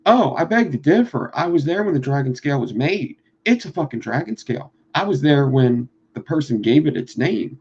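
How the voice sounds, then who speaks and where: A man with a Philadelphia accent talking fast and swearing freely while teaching coil building on a live stream. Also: fairly high pitch, big pitch swings, darkish tone, breathy edge, lo-fi sound. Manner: fast-talking, profane, rambling. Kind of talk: casual live-stream chat.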